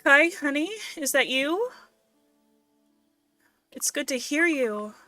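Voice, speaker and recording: A woman voicing a warm, doting middle-aged mother who fusses affectionately over her child. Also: high-pitched, lively intonation, slow pace, no room sound, soft background music, voice pushed up, exaggerated voice. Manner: sweet, fussing, affectionate. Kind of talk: reading game dialogue aloud on a stream.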